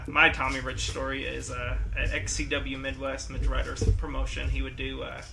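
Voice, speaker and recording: A man hosting a casual interview, chiming in briefly and telling his own stories in a flat manner. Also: mid-range voice. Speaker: podcast host. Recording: clear background noise.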